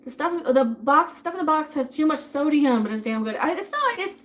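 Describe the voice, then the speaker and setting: A woman's voice: sits high, animated, brisk. Chatty woman streamer eating on stream. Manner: chatty and rambling, thanking viewers, talking with food in her mouth. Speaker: live streamer. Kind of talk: casual live-stream chat while eating.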